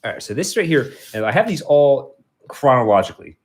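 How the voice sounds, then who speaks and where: A man's voice: medium pitch, big pitch swings, fairly quick. Rambling man chatting on a livestream. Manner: rambling, talks to his cat and to chat viewers, many restarts. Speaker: livestream host. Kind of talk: casual livestream chat.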